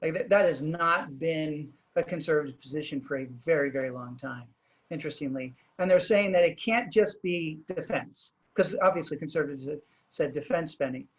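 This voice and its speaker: A man with a fairly high voice hosts a video call interview, thinking aloud and often stopping to restart his sentences. His voice comes through dull and lo-fi. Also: normal speed, husky. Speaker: host.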